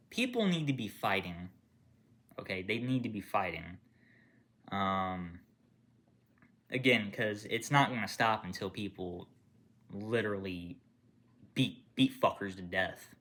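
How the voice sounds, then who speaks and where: A man angrily ranting to camera with lots of swearing, rambling and restarting, swinging from low mutters to loud outbursts. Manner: angry, profane, rambling with restarts. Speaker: gaming channel creator. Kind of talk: unscripted political rant to camera.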